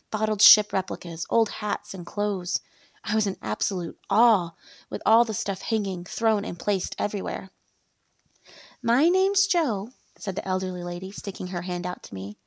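A woman reads a first-person story aloud in a steady, even storytelling manner. Her voice has a gravelly, creaky texture. The recording is dry and close, with no room sound. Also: medium pitch, no room sound.

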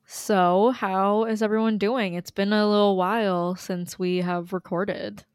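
A woman opens and hosts a casual podcast in an upbeat tone. She speaks at a slow, unhurried pace in a mid-range voice. The sound is dry and close. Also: medium pitch, fairly even intonation, smooth, dry recording. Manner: upbeat, supportive interjections. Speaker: podcast co-host. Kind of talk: casual chat.

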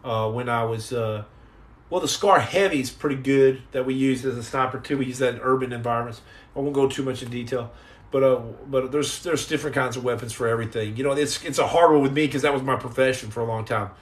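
A man's voice: mid-range voice, quick pace. A middle-aged man chatting casually on a livestream, answering viewer comments in a rambling, joking way that often repeats and restarts words.

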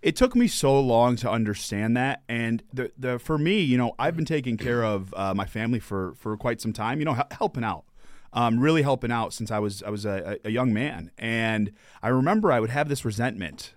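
Man, podcast host, mid-pitched voice, dry close sound, earnest, encouraging, storyteller. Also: expressive, fairly quick, no room sound. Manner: earnest and encouraging, retelling stories with quoted dialogue. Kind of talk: casual podcast conversation.

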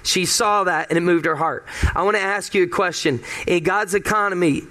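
A man preaching with a high voice for a man, talking to his congregation in a loose, conversational way. He hammers points home by repeating them, building emphasis phrase by phrase. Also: brisk, bright, forceful tone. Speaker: pastor. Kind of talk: sermon.

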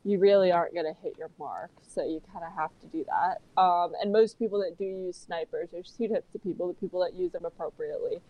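A woman on a casual gaming podcast, explaining things in a deliberate, mock-serious way. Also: lowish voice, dry recording, muffled recording.

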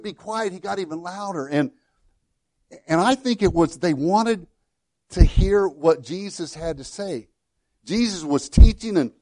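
A man preaching a sermon as pastor, animated and lively, acting out the people in the story and often restarting his sentences. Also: sits high, dry recording.

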